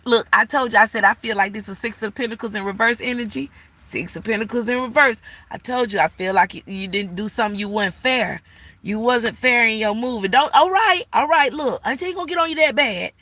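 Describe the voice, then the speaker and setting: A woman's voice: a little high, a little fast, pushed and bright, dry recording. A woman giving a live-stream tarot reading, sassy and blunt, cursing freely and scolding the viewer like an auntie. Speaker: tarot reader.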